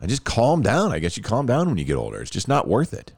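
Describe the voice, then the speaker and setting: A man, hosting a podcast and telling a story in a casual, animated way, laughing often and restarting phrases. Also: medium pitch, quick pace, gravelly, breathy edge, dry recording. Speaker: podcast host.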